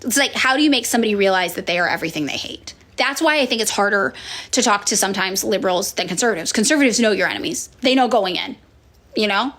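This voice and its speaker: Animated, frank woman answering viewer questions. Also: fast. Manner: frank and profane, acts out quoted people in sudden high voices; chatty with many fillers and sighs. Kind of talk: casual chat.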